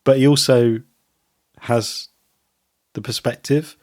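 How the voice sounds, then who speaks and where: A man co-hosting a podcast in casual chat, rambling and pausing on many ums. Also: mid-range voice, fairly even intonation, darkish tone, no echo, studio quality. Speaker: podcast co-host.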